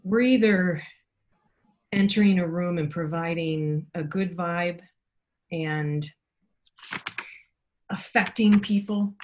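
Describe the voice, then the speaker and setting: A middle-aged woman, a podcast guest, telling personal stories in a casual, animated way and acting out the voices she quotes. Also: fairly low pitch, slow, long pauses. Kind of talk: casual storytelling.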